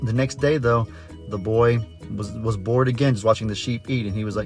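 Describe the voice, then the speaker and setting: A man's voice: fairly low pitch, steady tone, brisk, soft background music. A man who is a farmer vlogger, telling a story in a chatty, folksy way with frequent self-corrections. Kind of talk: casual storytelling vlog.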